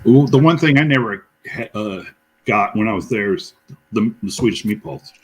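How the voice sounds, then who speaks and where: A man's voice: on the low side, expressive, normal speed, slightly rough, rough recording. A laid-back man joking about himself as a guest in a casual group chat.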